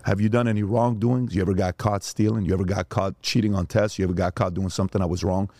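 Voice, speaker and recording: A middle-aged man with a fairly low voice tells stories and fires off blunt rhetorical questions like a motivational speaker. His delivery is preachy and pointed. The sound is dry and close-miked. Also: steady tone, fast talker, mellow, no echo. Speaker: guest. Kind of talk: animated storytelling and rapid questioning.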